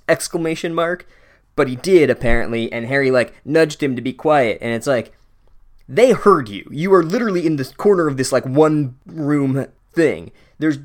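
A man tears through a book chapter in a comedic recap. He is sarcastic and profane, and he rambles with constant "like"s as he mocks the story's logic. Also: medium pitch.

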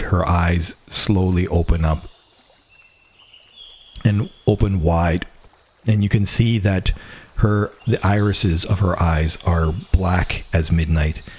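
A man narrating a tabletop game as game master, describing scenes slowly with frequent restarts. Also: deep voice, a little hiss or hum.

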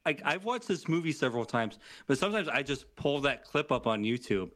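Animated, swearing man with a lively voice. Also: mid-range voice, brisk. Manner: animated, profane, laughing storyteller. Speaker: podcast guest. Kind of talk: casual movie discussion.

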